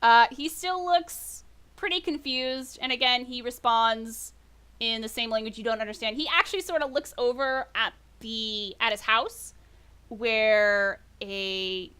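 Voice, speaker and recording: A woman's voice: a little high, measured pace, pushed and bright, smooth. A woman narrating a tabletop game as game master, rambling and correcting herself as she goes. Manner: rambling, self-correcting, laughs often.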